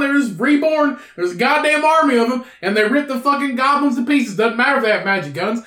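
A man with a very high voice trades rambling, profane tales with his friends and keeps breaking into laughter. The recording picks up the echo of the room around them. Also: pushed and bright. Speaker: podcast co-host. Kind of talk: casual banter, storytelling. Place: room indoors.

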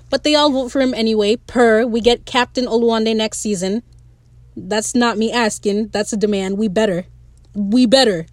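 A young woman recapping a TV episode in an excited, playful, gushing way. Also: on the high side, moderate pace, no room sound. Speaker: podcast host reviewing a show.

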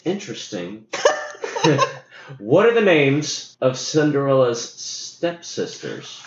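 An easygoing quizmaster reading trivia questions slowly, with a lively, swinging intonation. The recording is echoey and a bit muffled, as in a bare room. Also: mid-range voice. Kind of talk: casual trivia chat among friends.

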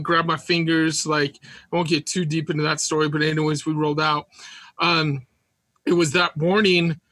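Animated, high-voiced storytelling man. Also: no echo. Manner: animated, laughs often, acts out quotes. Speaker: podcast guest, veteran. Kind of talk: casual storytelling.

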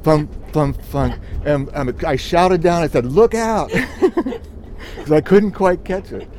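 Relaxed male pilot telling an anecdote, mid voice, audible outdoor noise. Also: a little high, a little slow. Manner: easygoing, chuckling anecdote telling. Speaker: airline captain, podcast co-host. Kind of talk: casual storytelling.

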